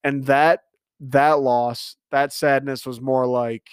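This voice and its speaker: A man's voice: medium pitch, slow, clean tone, no echo, studio quality. A man in his twenties in a casual monologue, ranting and swearing about a loss. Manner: animated, rants and swears.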